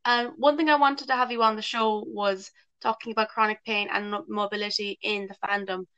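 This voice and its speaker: A woman's voice: mid-range voice, steady tone, brisk, a bit bright, clean tone, no room sound. An Irish woman hosting a podcast in casual, chatty interview talk, swearing and laughing easily. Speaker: podcast host. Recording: muffled lo-fi home audio.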